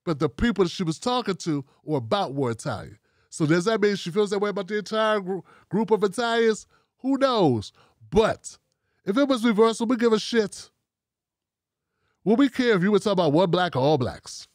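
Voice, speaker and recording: A man's voice: sits high, moderate pace, dry recording, studio quality. A man hosting his own commentary show, talking bluntly and casually with plenty of profanity before taking phone calls. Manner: blunt, profane and animated, talking straight at the audience. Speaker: show host.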